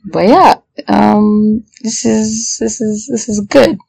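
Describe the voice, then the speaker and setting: A young adult woman, a PhD student and podcaster, talking in a casual video diary. She sounds anxious and excitable and often breaks into prayerful exclamations. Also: medium pitch, slow pace, creaky, breathy edge, no room sound, rough recording.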